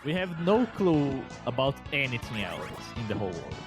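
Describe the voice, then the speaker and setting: Exasperated man in lively chat. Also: medium pitch, normal speed, over music. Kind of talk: casual chat on a stream.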